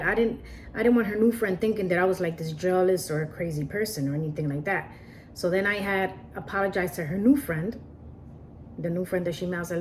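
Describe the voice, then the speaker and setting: A woman recounts something that happened to her in an earnest, casual way, circling back and repeating phrases as she goes. Her voice sits a little low. A faint hiss runs under the recording. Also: a little mellow. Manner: repetitive, earnest, frequent restarts and "like". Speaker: storyteller recounting a personal story. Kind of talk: casual personal storytelling.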